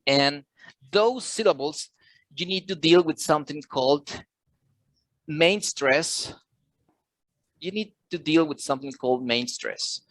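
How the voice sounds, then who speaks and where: A man running an English class, speaking patiently and repeating his points as he quizzes his students. His voice sits a bit high for a man, and the sound is close and dry with no room to it. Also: a little slow, long pauses, fairly bright tone, dry recording. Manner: switches into Spanish to explain. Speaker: English teacher. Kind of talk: online class lesson.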